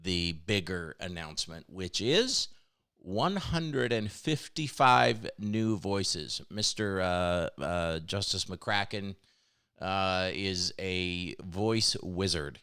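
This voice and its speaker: A man runs a casual weekly developer live-cast, sharing news with open enthusiasm and frequent laughter. His voice sits slightly low, and his talk is loose and conversational. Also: animated, very slow, sharp tone, smooth. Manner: enthusiastic, chatty, laughs often. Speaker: developer hosting a weekly livestream.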